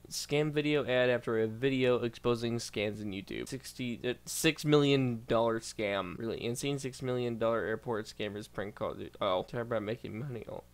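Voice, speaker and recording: Excitable young guy reacting online. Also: mid-range voice. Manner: excitable, stumbling, reads posts aloud with bursts of disbelief. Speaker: YouTuber reacting to online posts. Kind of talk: casual reaction commentary.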